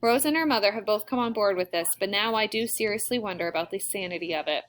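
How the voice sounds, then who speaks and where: A woman's voice: medium pitch, quick pace. Woman reading a novel aloud. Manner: plain, steady storytelling. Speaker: audiobook reader. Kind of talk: first-person novel narration.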